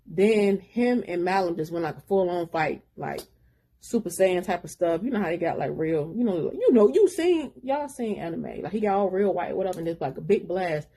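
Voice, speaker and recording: Brief: husky-voiced woman, relaxed book recap, rambling and slangy. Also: lowish voice, moderate pace. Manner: rambling retelling with slangy asides. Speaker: book reviewer.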